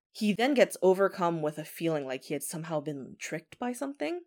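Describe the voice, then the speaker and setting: A woman's voice: on the low side, lively intonation, moderate pace, hardly any pauses, darkish tone. A woman telling a ghost story in a casual, chatty way, often saying 'like'.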